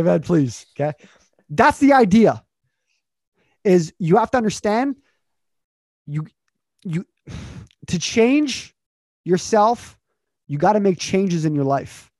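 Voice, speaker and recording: Motivational host, male, upbeat, slightly higher voice, mellow tone, dry close sound. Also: dry recording. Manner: energetic, repeats himself, builds questions. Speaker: communication coach. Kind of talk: motivational interview chat.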